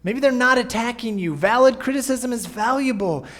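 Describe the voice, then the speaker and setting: A man's voice: very high-pitched, normal speed, a bit bright. A male pastor preaching a sermon in a conversational way, often checking in with his listeners. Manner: conversational, often asking "right?". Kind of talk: sermon podcast.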